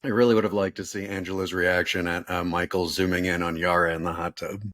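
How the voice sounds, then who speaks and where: A man's voice: low-pitched, little pitch movement, quick pace, a bit bright. A man chatting as a podcast guest, rambling and hesitant, with frequent ums and uhs. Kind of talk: casual chat.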